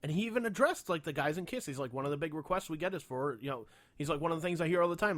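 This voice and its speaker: Animated, profane man telling stories. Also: on the high side, quick pace, dry recording. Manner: profane, animated storyteller acting out quotes. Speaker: podcast co-host. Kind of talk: casual podcast chat.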